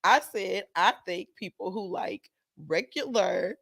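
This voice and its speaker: A woman's voice: medium pitch, slow, vocal fry, fairly bright tone, no room sound. A middle-aged woman co-hosting a podcast, laid-back and teasing in casual chat.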